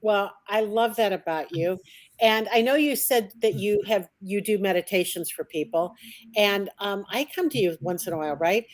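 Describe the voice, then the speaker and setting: A woman hosts a relaxed podcast interview in a friendly, conversational way. She sits at a middling pitch and keeps tossing her guest small questions to draw her out. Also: normal speed. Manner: friendly, conversational, frequent "right?" check-ins. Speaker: podcast host.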